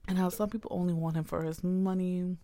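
A woman casually recapping a story's plot, swearing freely and dropping quick asides. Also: fairly low pitch, level tone, warm tone, no echo.

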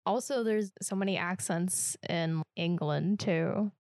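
Slow, thoughtful woman co-host. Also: lowish voice, darkish tone, no echo, studio quality. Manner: slow, thoughtful, questioning, with frequent "like". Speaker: podcast co-host. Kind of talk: casual chat.

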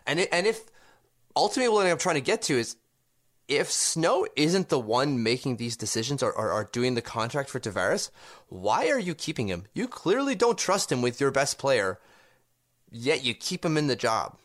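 A man's voice: medium pitch, very animated, moderate pace, a bit bright. A man co-hosting a casual sports podcast, arguing his points with rhetorical questions. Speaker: podcast co-host.

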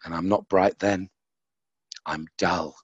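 A man voicing a vain, defiant and lonely male angel who boasts loudly and then speaks in a hushed, secretive way, in a husky voice. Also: low-pitched, fairly even intonation, takes it slowly, no echo, highs cut off, exaggerated voice. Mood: hushed, confessing.

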